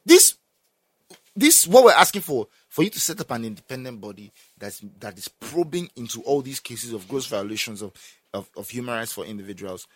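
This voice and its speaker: A young Nigerian man with a Nigerian accent in emphatic, animated casual conversation, often breaking into laughter. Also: mid-range voice, brisk, breathy edge, no room sound. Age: young adult. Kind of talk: casual chat.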